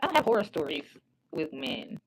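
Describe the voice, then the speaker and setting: Woman livestream host, slightly low voice, blunt and profane, rambling casual chat. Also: sing-song, fairly quick, breathy edge. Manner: rambling with many restarts.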